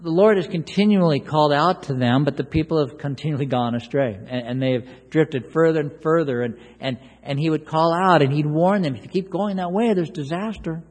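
A man's voice: fairly high pitch, brisk, hardly any pauses, in a large hall. A man preaching a sermon verse by verse, earnest, often repeating words and acting out the pleas he quotes. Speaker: pastor.

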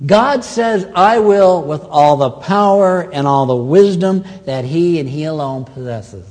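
Pastor guy preaching, voice jumps all over, loud then hushed, slightly high. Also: a little slow, long reverb tail. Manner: animated preaching with dramatic swings in loudness and pace. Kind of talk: sermon.

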